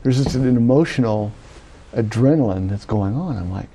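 A middle-aged man from Louisiana, a Catholic priest, giving an animated personal testimony and acting out the voices he quotes. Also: mid-range voice, moderate pace, a little hiss or hum. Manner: animated storytelling, acts out quoted voices, frequent "right?". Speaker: Catholic priest telling his vocation story.

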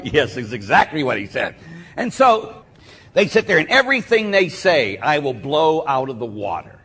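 A man's voice: a little high, fairly quick. A man who is a Catholic priest, praying and then preaching, telling stories with acted-out voices. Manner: animated storyteller, acts out voices. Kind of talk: sermon with prayer and storytelling. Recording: husky voice in a reverberant hall.

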